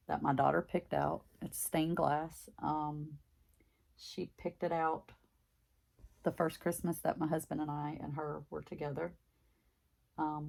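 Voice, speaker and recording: Low gravelly woman, deep Southern drawl. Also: darkish tone. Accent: deep Southern US country. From Mississippi, US. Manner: rambling, chatty, filler-heavy. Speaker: craft vlogger. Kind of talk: casual chat while stitching.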